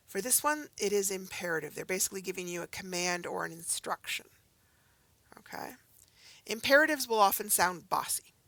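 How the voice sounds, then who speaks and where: In a recorded grammar lesson, a woman patiently walks through the material step by step, using example sentences and checking in with "okay?" and "right?". Her mid-range voice is creaky and a bit bright, and the recording is dry.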